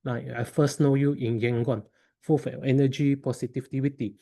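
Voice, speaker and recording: A man on a video call giving speech feedback, with halting phrasing. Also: mid-range voice, flat delivery, vocal fry, warm tone. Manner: halting non-native phrasing. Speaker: speech evaluator.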